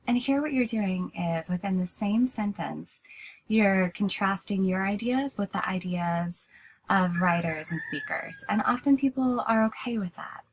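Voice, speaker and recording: A woman's voice: mid-range voice, measured pace, low-quality recording. Woman teaching academic writing, explanatory. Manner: explanatory, steady, with frequent "so" restarts. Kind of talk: recorded lecture.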